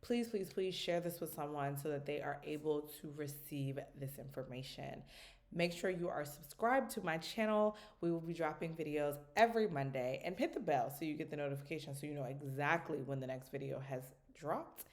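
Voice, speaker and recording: A woman vlogging casually to camera about parenting, talking with lots of animation and often checking in with "right?". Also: moderate pace. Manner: animated, jumps into high voices quoting her daughter. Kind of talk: casual direct-to-camera vlog.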